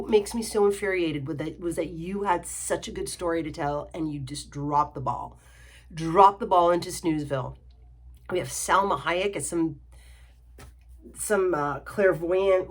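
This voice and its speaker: A young adult woman reviewing films in a sarcastic, exasperated rant, full of "like" and "you know.". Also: lowish voice. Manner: exasperated, sarcastic, filler-heavy ranting. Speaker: film reviewer. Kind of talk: ranting film review vlog.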